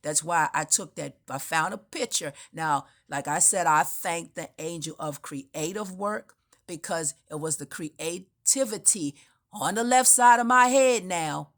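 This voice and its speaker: A woman's voice: fairly low pitch, a little slow, fairly bright tone. A woman giving an unscripted spiritual monologue, telling her story in a meandering, emphatic way with frequent restarts. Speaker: spiritual speaker.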